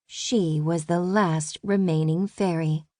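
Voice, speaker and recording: A woman reading a children's fantasy audiobook, calm and measured. Her voice sits low and moves slowly, and the recording is close and dry. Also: no room sound. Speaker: audiobook narrator. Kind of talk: scripted children's audiobook narration.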